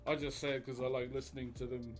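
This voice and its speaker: A young man with a New Zealand accent, chatting casually on a livestream, relaxed and reading out viewers' messages, on a headset mic. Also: mid-range voice. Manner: relaxed, chatty, reads out chat. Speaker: live streamer.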